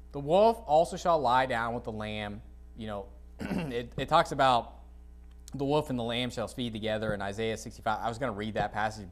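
A man preaching an informal sermon to a congregation, reading scripture and adding blunt, dismissive asides while often clearing his dry throat. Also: medium pitch, fairly bright tone. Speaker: pastor. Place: church sanctuary, speaking to a congregation.

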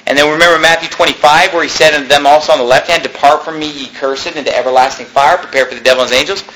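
A man delivering a sermon, his bright, somewhat high voice pushing hard on key words and then dropping low and quiet. He reads old-fashioned scripture aloud and slips into chatty asides. A faint hiss sits under the recording. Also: steady tone, racing, rough recording. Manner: emphatic, swings between loud and hushed; quotes King James scripture aloud. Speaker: preacher.

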